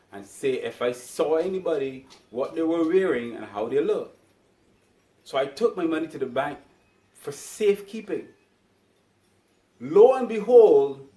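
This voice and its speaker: A man's voice: mid-range voice, darkish tone. A man, giving an indignant opinion monologue that keeps building to emphatic outbursts. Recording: echoey room.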